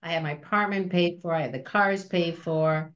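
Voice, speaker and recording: A woman guest on an interview podcast, telling personal stories in a lively way and acting out the voices of the people in them, with frequent restarts. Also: lowish voice, moderate pace, lo-fi sound. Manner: animated, acts out voices in anecdotes, many restarts. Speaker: film company president, guest. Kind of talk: conversational storytelling.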